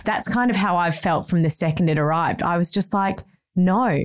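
A woman's voice: on the low side, a little fast. A woman co-hosting a podcast, a mother of a baby, talking frankly and chattily in a casual chat, with the odd swear. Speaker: podcast co-host.

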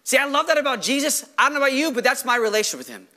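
Male pastor preaching; very high, bright, lively voice; rhetorical and animated. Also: very fast. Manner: animated, rhetorical questions, acts out quoted voices. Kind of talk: sermon.

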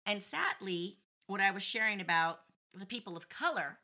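Bright, animated middle-aged woman. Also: mid-range voice, moderate pace. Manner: animated, indignant retelling with lively acted-out quotes. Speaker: podcast guest. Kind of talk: casual storytelling conversation.

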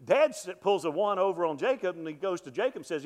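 A middle-aged pastor preaching a sermon, with animated delivery that swells and drops to a hush, often repeating words as he restarts. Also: high voice, quick pace, few pauses.

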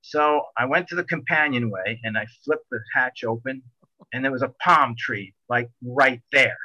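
A middle-aged man telling a long boating story in a rambling, animated way, full of restarts. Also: mid-range voice, moderate pace, no echo, lo-fi sound. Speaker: guest telling a sailing story. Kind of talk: casual storytelling.

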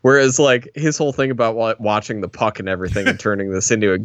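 Low-voiced man on a dull dry mic. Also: fairly even intonation, fast talker, dry recording. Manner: enthusiastic, stammering restarts, laughs easily. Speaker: podcast co-host. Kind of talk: casual movie discussion.

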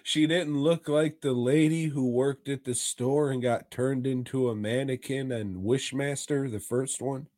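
A man's voice: medium pitch, fairly even intonation, unhurried, few pauses, a little mellow, dry recording, studio quality. A man co-hosting a casual podcast, making sardonic, profane remarks. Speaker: podcast co-host.

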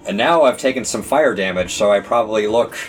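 A man's voice: on the low side, fairly quick, noisy background. A man playing in a tabletop role-play game, playful and jokey. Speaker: player.

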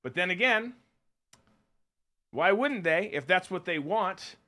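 A man's voice: sits high, lively intonation, slow, bright, forceful tone. A man co-hosting a podcast, ranting bluntly and sarcastically in political commentary. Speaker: podcast co-host.

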